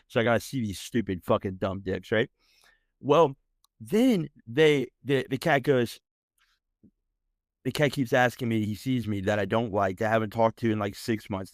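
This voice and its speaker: Man, podcast host, heated rant, profane, mid-pitched voice, dry close sound. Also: no room sound. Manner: heated, profane, keeps asking "right?". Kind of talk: ranting storytelling.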